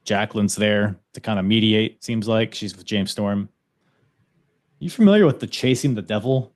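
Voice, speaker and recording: A man's voice: fairly low pitch, moderate pace. A man hosting a podcast, recapping events in a loose, casual chat and laughing often. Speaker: podcast host.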